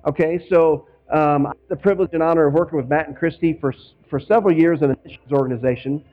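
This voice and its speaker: A man's voice: on the high side, fairly even intonation, quick pace, lo-fi sound. A man preaching as a pastor in a conversational way, from Northwest Indiana, slipping into quoted voices now and then. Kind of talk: sermon.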